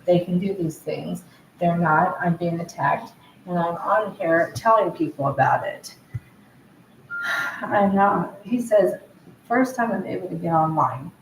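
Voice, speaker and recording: A woman's voice: on the low side, darkish tone. A woman in an agitated, rambling monologue, repeatedly relaying what others told her. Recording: roomy echo, faint background noise.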